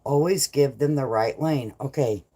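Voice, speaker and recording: A woman's voice: rumbling low, moderate pace, mellow, breathy edge. A middle-aged woman hosting a casual live chat, laughing often and swearing freely as she reads viewers' comments. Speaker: livestream host.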